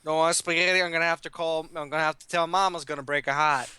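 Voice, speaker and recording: A man doing a boisterous Italian-American family man with a thick put-on accent, loud and pushy with a folksy way of talking. The voice sits a bit high and sounds bright and clear. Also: fairly even intonation, quick pace, dry recording. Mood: pushy, jovial.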